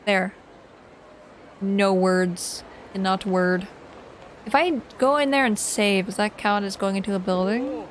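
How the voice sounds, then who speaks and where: A woman's voice: mid-range voice, measured pace, slight background noise. A woman streaming a video game, chatting casually and animatedly as she plays, often breaking into laughter. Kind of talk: casual gameplay commentary.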